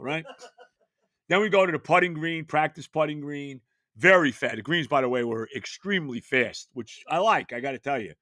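An older man, telling a rambling, animated story on his podcast, full of fillers and restarts. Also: on the high side, no echo, studio quality. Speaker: podcast host. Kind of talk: casual storytelling monologue.

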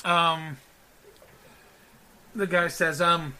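Male game master, bright ringing voice, loose and rambling. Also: a little high, normal speed. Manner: casual, rambling with many ums, laughs at own jokes. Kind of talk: narrating a tabletop game, voicing NPCs.

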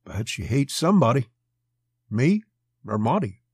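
Young hard-bitten gunslinger, slow mutter, husky, as a male narrator puts him on. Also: mid-range voice, sing-song, a little mellow, no room sound, clean studio sound, full character voice. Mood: wary.

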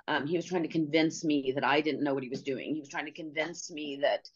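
A middle-aged woman telling a personal story as an interview guest, halting and pausing, often restarting her sentences. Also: low-pitched, breathy edge. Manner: halting, with many pauses and restarts. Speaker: podcast guest. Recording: slightly dull lo-fi audio.

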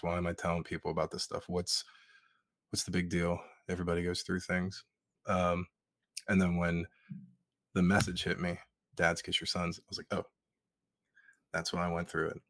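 A man's voice: low voice, fairly bright tone, no echo. A man being interviewed as an author, speaking in a heartfelt, earnest way and swearing now and then. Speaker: guest, author. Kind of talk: emotional interview talk.

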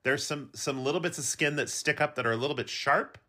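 A woman co-hosting a podcast, talking in a casual comedic chat with deadpan, vividly exaggerated descriptions. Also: low-pitched, brisk. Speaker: podcast co-host.

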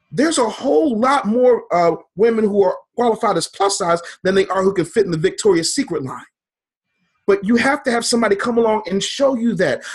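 A man's voice: high-pitched, husky. A man, a business coach, talking fervently in an interview, building points in preacher-like repeated phrases. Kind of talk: motivational interview talk.

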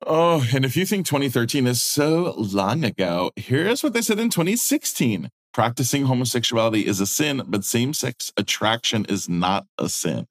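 A man's voice: medium pitch, big pitch swings, moderate pace, hardly any pauses. A middle-aged man co-hosting a podcast in a flamboyant, sassy way, full of rhyming quips. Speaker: podcast co-host. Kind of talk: campy casual chat.

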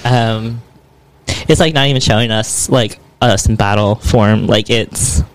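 A woman's voice: rumbling low, measured pace, low-quality recording. Brash, laughing woman guest. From Pennsylvania. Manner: brash, swearing, laughs often. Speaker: podcast guest, arm wrestler. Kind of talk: casual chat.

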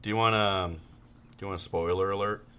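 A man's voice: low voice, fairly even intonation, fast, fairly bright tone, smooth, highs cut off. A man co-hosting a podcast, trading profane jokes in casual chat and often laughing. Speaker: podcast co-host.

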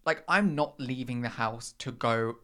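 A young man hosting a podcast, talking in a sassy, dramatic casual monologue with big pitch swings. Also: unhurried, pushed and bright. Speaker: podcast host.

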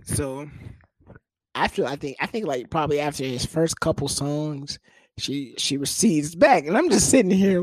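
Casting: young man, stand-up storyteller, lively swooping pitch, dry close sound, crude and animated. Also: moderate pace, no echo. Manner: profane, animated, jumps into high-pitched voices for quoted people. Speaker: comedian telling a story. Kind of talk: casual storytelling monologue.

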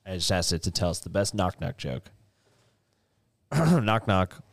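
Deep-voiced laughing podcast co-host man. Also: fast, no echo. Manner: laughs often, reads chatbot jokes aloud. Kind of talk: casual chat.

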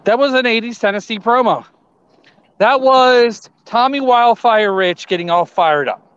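A man co-hosting a casual wrestling podcast, talking through his opinions in an excitable, rambling way. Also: extremely high pitch, measured pace, clean tone, dry recording. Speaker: podcast co-host. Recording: dull lo-fi sound.

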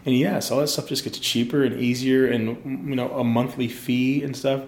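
A man's voice: mid-range voice, steady tone, normal speed, darkish tone, reverberant. A man, a designer, in a loose, rambling podcast chat, swearing freely. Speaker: graphic designer guest. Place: campus room with posters.

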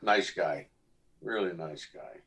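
Middle-aged man, guest actor, low voice, casual storytelling, acts out voices. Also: slow, a crowd in the background. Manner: animated, acts out voices in anecdotes.

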